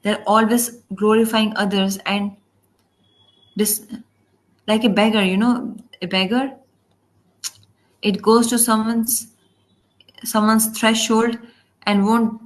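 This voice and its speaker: A woman's voice: on the high side, level tone, slow pace, pauses often. A woman giving a devotional class, telling stories and acting out quoted speech, often restarting words mid-way. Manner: storytelling, acts out quoted speech; frequent restarts and self-corrections. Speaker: spiritual teacher.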